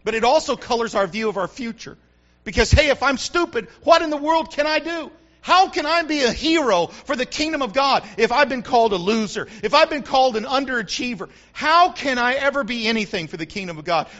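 A man preaching in a high, bright voice that swings widely in pitch. He repeats phrases for emphasis and builds up to shouts. The recording sounds dull and lo-fi. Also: expressive, normal speed. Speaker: pastor. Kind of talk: sermon.

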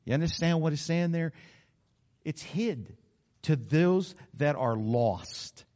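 A man's voice: on the high side, animated, slow pace, warm tone, highs cut off. A man preaching a sermon as pastor, conversational and emphatic, with sudden exclamations.

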